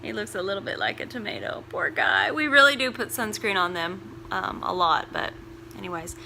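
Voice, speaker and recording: Giggly young mom chatting at home. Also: female voice, medium pitch, huge pitch swings, normal speed, vocal fry, sharp tone, slight background noise, rough recording. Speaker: vlogger mom. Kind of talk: casual family vlog chat.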